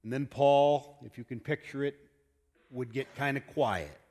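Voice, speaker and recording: Guy preaching a sermon, slow storytelling, lots of church echo. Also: mid-range voice, a little mellow. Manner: storytelling, rhetorical questions. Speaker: pastor. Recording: long church hall reverb.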